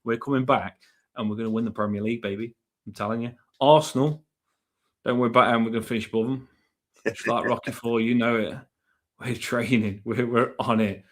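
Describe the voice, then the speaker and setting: A man co-hosting a football fan podcast, excitable and hyping himself up in casual chat. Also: medium pitch, fairly quick. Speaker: podcast co-host.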